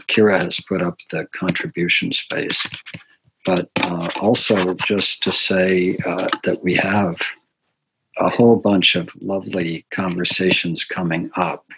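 Low, husky older man hosting. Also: low-quality recording. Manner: soft-spoken, unhurried, with many fillers. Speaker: host of a learning community talk series. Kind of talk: gentle announcements.

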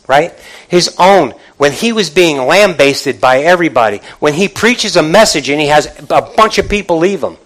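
Guy preaching a sermon, kinda high voice, talks to the church like a chat, acts out the quotes. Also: normal speed, rough recording. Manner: animated, conversational preaching with quoted voices and rhetorical questions.

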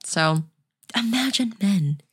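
A woman's voice: medium pitch, animated, takes it slowly, slightly rough. A young woman co-hosting a podcast, chatting casually in a blunt, rambling way and swearing freely. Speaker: podcast co-host. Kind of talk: casual chat.

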